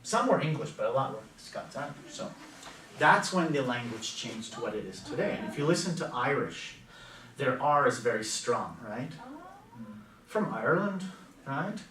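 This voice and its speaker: American male teacher lecturing a class, conversational and quizzing students; mid pitch, caught from across an echoey room. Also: big pitch swings, normal speed, pushed and bright, recorded from a distance, slight background noise. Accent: General American. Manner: chatty, asks students questions. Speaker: language teacher.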